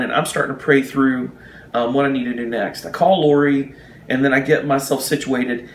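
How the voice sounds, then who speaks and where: A man telling a personal anecdote in a casual, animated way, acting out the people in it. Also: mid-range voice, a little hiss or hum. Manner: animated, acts out the people in his story. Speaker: storyteller. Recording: roomy echo.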